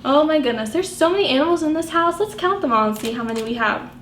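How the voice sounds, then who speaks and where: A woman librarian reading picture books aloud to young children, animated and sing-song, asking them questions as she goes. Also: high voice, fast talker. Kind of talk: storytime read-aloud for children. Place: library room. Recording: echoey room with faint background noise.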